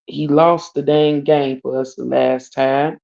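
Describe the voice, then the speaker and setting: A livestream host from Detroit, USA, with a very deep, gravelly, mellow voice tells a casual story from home, speaking slowly and flatly. She is blunt and profane, uses slang, and keeps calling out to viewers over dull lo-fi stream audio.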